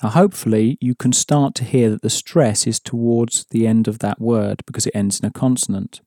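A man's voice: lowish voice, fairly even intonation, moderate pace, mellow, no echo, clean studio sound. A man teaching an audio language lesson, patiently explaining rules and prompting the listener.

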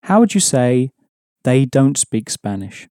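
A man's voice: mid-range voice, big pitch swings, takes it slowly, mellow, dry recording, studio quality. A man teaching an audio language lesson, patiently explaining rules and prompting the listener.

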